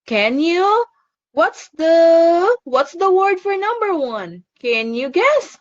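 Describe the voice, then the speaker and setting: A woman's voice: very high-pitched, sing-song, slow, highs cut off. A woman teaching an online phonics lesson to a child, cheerful and encouraging, laughing often.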